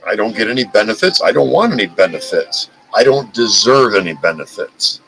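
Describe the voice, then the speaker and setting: A man's voice: on the low side, very animated, brisk, gravelly, sharp tone, soft background music, poor audio. A man hosting a live stream, talking in a heated, profane rant and often stumbling over and repeating his words. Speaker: livestream host.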